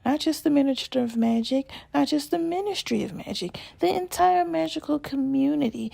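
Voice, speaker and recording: A woman's voice: high voice, lively intonation, moderate pace, creaky, hardly any pauses, mellow. A woman ranting casually and profanely, firing off exasperated rhetorical questions.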